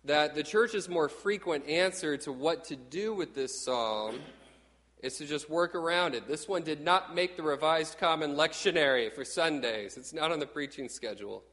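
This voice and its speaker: A middle-aged man from Texas preaching a sermon in a lively, conversational way, often acting out quotes. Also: on the high side, moderate pace, long reverb tail. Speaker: pastor.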